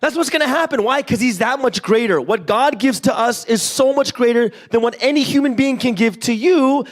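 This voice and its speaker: Brisk and very high-pitched, a Canadian man delivers an interactive sermon in church. Animated stories, playful little voices, questions for the congregation and a constant "right?" drive his preaching.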